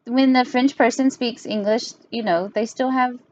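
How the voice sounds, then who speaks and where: A woman's voice: on the high side, fairly even intonation, moderate pace, a little mellow, dull audio. A young woman, hosting a casual podcast chat with her father, giggly and full of fillers. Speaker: podcast host.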